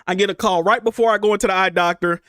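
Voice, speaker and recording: High-voiced man telling a story. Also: steady tone, quick pace, fairly bright tone, clean tone, no echo, studio quality. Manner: rambling, restarts and repeats himself, swears freely. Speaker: streamer. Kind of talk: casual personal storytelling.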